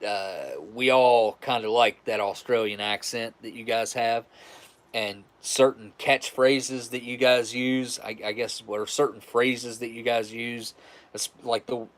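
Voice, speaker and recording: A man's voice: medium pitch, fairly even intonation, a little slow. A man from West Virginia with a West Virginian accent, chatting casually and rambling with restarts on a live stream. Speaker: livestream host.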